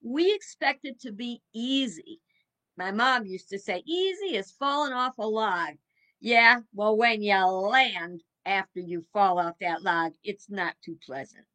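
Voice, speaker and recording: Slow, bright-voiced woman in her seventies. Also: mid-range voice. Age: 70s. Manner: folksy, musing, with chuckles. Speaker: minister. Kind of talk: reflective evening talk.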